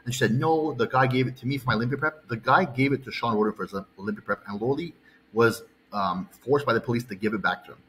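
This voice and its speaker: A man's voice: medium pitch, quick pace, a bit bright, slight background noise, poor audio. A man, a fitness coach, telling a long, heated, profane story and checking in with "okay" and "right.". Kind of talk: ranting storytime vlog.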